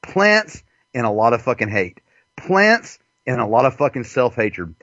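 Here a podcast host mocks and swears his way through a crude, animated monologue. His medium-pitched voice moves at an unhurried pace, and the audio is dull with no echo.

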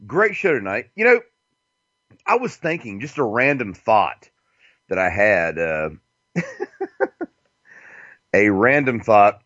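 A man hosts a casual talk radio show in a slow, rambling drawl, his pitch swinging widely as he wanders between thoughts with fillers and chuckles. The sound is dry and close, with a dull lo-fi tone. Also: a bit bright, dry recording.

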